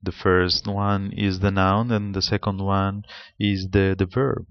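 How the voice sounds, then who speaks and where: Slow, measured Spanish-accented male lecturer. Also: sits low, little pitch movement, dry recording. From Spain. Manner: slow, deliberate, explanatory delivery. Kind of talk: seminar lecture on pronunciation. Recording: slightly dull lo-fi sound.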